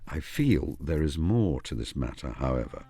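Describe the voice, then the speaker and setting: A retired Sherlock Holmes, deep and formal. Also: male voice, very animated, dark tone, slightly rough, heavily acted. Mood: deductive. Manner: measured, formal deductive speech. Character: retired elderly male detective, precise and dry. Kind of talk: game voice acting. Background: game music.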